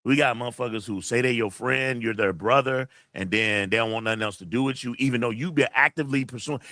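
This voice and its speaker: A man's voice: medium pitch, a little fast, a bit bright, dry recording, studio quality. Upset man venting on a livestream. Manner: emotional, blunt and profane, reading chat messages aloud. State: upset, near tears. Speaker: channel host. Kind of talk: casual livestream venting to camera.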